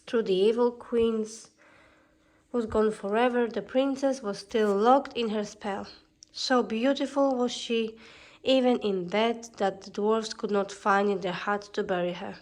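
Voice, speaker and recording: A woman narrating a fairy tale as a calm storybook reading. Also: a little high, a little slow.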